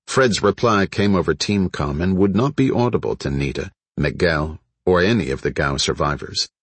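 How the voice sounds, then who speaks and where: A man narrating an audiobook in a steady, measured way. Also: low-pitched, slightly rough, no echo. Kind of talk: scripted narration.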